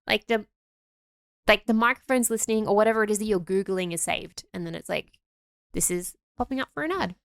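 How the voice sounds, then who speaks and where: A woman co-hosting a podcast in casual chat, giggly and playful, with quick reactions and interjections. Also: mid-range voice, gravelly, clear, resonant tone, no room sound, studio quality. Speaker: podcast co-host.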